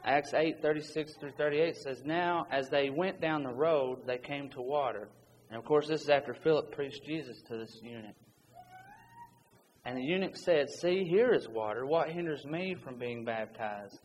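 With a long reverb from the church hall and a faint hiss behind him, a preacher delivers an urgent, earnest sermon at a moderate pace. His pitch sits in the middle, and he reads scripture aloud between his own points.

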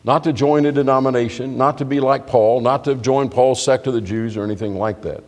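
A man preaches to his congregation in an explanatory, conversational tone, often restarting his sentences. His voice sits at an ordinary middle pitch. A long reverb from the church hall hangs on every phrase. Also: fairly even intonation, brisk. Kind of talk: sermon.

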